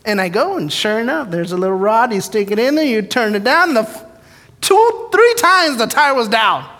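In a recording with long hall reverb, a man with a high-pitched, bright, forceful voice preaches a storytelling sermon, acting out his prayers and the dialogue in his stories.

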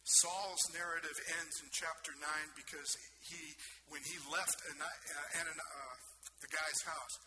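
Ernster Prediger, verrauscht. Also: male voice, fairly high pitch, steady tone, unhurried, hardly any pauses. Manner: earnest, questioning the audience. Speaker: preacher. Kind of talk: sermon. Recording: noticeable background noise.

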